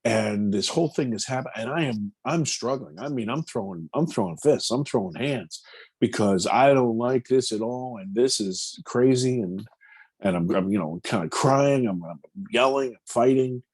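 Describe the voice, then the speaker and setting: A man in his fifties, a film producer, earnestly recounting a personal story in an interview, halting and repeating words as he goes. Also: medium pitch, a little mellow, breathy edge, no echo.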